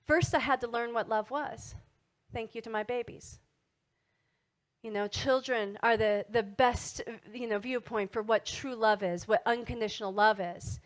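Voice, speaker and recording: A middle-aged woman giving a motivational wellness talk to an audience, animated and asking frequent tag questions. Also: fairly high pitch, a little slow. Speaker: wellness speaker.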